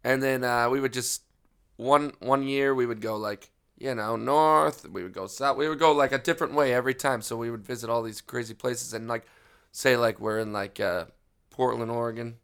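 Gravelly, bright-voiced man, rambling and profane. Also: medium pitch, steady tone, moderate pace. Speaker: podcast guest. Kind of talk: casual chat.

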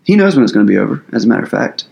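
A man's voice: lowish voice, big pitch swings, racing, creaky, darkish tone, highs cut off. A man preaching as pastor in a conversational sermon, earnest and casual, with loose phrasing and plenty of fillers.

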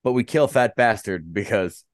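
A man co-hosting a podcast, chatting casually in a halting way with many restarts. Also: lowish voice, lively intonation, dry recording. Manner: halting, restarts often, slow drawl. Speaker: podcast co-host. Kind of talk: casual banter.

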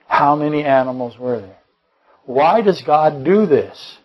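A man's voice: fairly high pitch, expressive, unhurried, poor audio. A man preaching a Bible-study sermon, rambling and correcting himself mid-sentence, firing off rhetorical questions and dropping joking asides. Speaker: pastor.

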